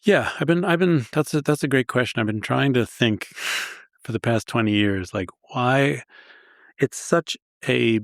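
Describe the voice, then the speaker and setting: Unhurried and gravelly, this medium-pitched man is a historian guest from Long Island sharing stories in a self-deprecating, enthusiastic way. The sound is clean studio audio without any room sound.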